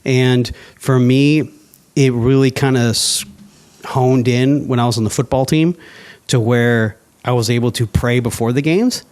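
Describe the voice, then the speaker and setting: A man in a casual podcast interview tells his personal story with plenty of energy. His voice sits at an ordinary middle pitch, and he keeps breaking into playful quoted voices for his past self. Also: a little slow. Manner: animated storyteller, acts out his own past thoughts in quoted asides. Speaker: guest sharing his testimony.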